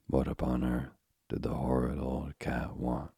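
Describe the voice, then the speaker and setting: A man reading a storybook aloud in a measured, old-fashioned way. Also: extremely low pitch, little pitch movement, gravelly, dark tone, breathy edge, dry recording, studio quality. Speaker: narrator.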